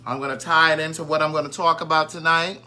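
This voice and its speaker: A man's voice: on the high side, level tone, fast, bright, forceful tone, faint music behind. A man hosting a casual live stream, chatting and greeting viewers by name, and easily sidetracked.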